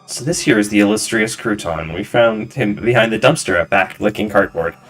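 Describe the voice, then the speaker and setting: A man reading as a soft-spoken grieving barkeep woman. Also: lowish voice, fairly quick, faint music behind, lightly acted. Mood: wry.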